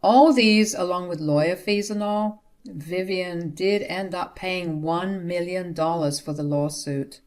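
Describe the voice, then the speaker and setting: A woman narrating a first-person family drama story in a steady, indignant way. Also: on the low side, unhurried.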